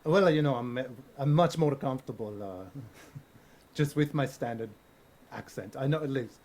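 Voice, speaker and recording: A man's voice: mid-range voice, unhurried, darkish tone, close to an everyday voice. A man improvising a pompous older male language coach who stammers and keeps switching put-on accents. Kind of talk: improvised comedy scene.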